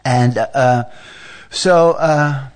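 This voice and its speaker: A man's voice: medium pitch, drawn-out words. Chatty man reading scripture aloud. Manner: chatty asides, stammering repeats, frequent fillers; playful, teasing the audience. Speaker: scripture class leader.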